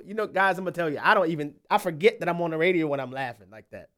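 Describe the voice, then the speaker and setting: A man hosting a radio talk show, hoarse and scratchy-voiced, chuckling and rambling loosely with restarts. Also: on the high side, rapid-fire, fairly bright tone.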